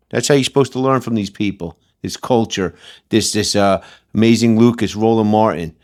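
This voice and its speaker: Speaking at a normal speed in a mid-range voice, this man runs a commentary channel. His casual rant is blunt and combative, full of slang, and he keeps repeating his points.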